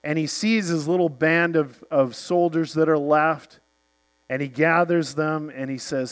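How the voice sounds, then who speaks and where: A man's voice: on the high side, fairly even intonation, a little slow, clean tone. A middle-aged male pastor preaching a sermon, telling stories and quoting famous speeches with drama.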